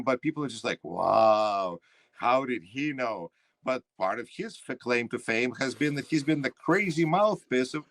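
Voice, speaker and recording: A man's voice: medium pitch, a bit bright, dry recording. A man with a Russian accent, talking as an interview guest in a loose, rambling way, full of fillers and restarts. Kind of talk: casual interview talk.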